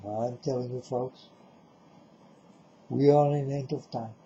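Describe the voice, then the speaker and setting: A man's voice: medium pitch, fairly even intonation, measured pace, dark tone, slight background noise. A man preaching to the camera in a monologue, firing off repeated rhetorical questions at the viewer. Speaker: religious video preacher. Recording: dull lo-fi recording.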